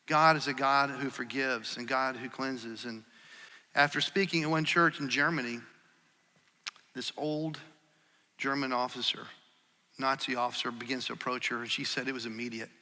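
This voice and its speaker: A middle-aged man preaching a sermon, telling stories in a conversational way with many small pauses, dropping soft for quotes and swelling louder when stirred. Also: mid-range voice, fairly even intonation. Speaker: pastor. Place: church sanctuary. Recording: long church hall reverb.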